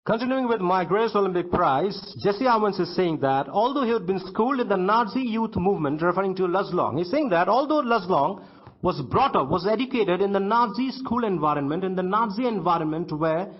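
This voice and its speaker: A man's voice: high-pitched, lively intonation. A male schoolteacher with an Indian English accent, reading a story to his class and then retelling each line in simpler words, often stumbling and repeating himself. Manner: halting, repeats words and restarts sentences. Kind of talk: classroom literature lesson, reading aloud and explaining. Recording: dull lo-fi recording.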